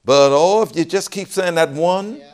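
A man's voice: high-pitched, moderate pace. A man preaching a sermon. He repeats each phrase a reader gives him and then breaks into folksy, emphatic asides. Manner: folksy, joking asides with a laugh. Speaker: pastor.

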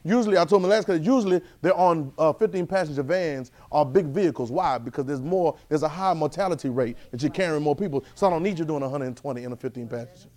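A man teaching a Bible class in a sermon style, animated, with constant call-and-response checks of his listeners. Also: on the high side, fast talker, hardly any pauses. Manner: repetitive call-and-response, keeps asking "right?"; animated, swings loud and soft.

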